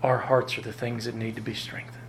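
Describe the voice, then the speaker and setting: A man preaching a sermon, emphatic and lively, often jumping up in pitch to drive home a point. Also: a little fast, noisy background. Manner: emphatic, rises sharply in pitch to stress points. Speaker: pastor.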